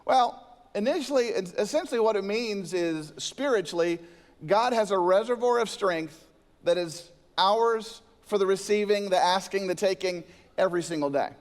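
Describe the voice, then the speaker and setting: In a long-reverberating church hall, a senior pastor with a slightly high voice preaches at normal speed. He blends scripture and story, tells a joke, and drives home key words with animated emphasis.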